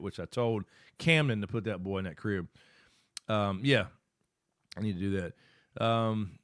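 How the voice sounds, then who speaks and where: Low-voiced, rambling middle-aged streamer. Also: male voice, fairly bright tone, dry recording, clean studio sound. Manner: rambling and loose, thinking aloud while working the screen. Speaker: live-stream host. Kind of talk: casual live-stream chat.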